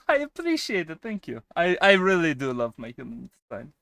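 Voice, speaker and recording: A man's voice: fairly high pitch, wildly swooping pitch, moderate pace, vocal fry, a bit bright, no room sound. A man streaming and chatting casually in a put-on character voice, laughing often and swearing freely. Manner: talks in a put-on character voice he uses for his persona. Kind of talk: casual live-stream chat.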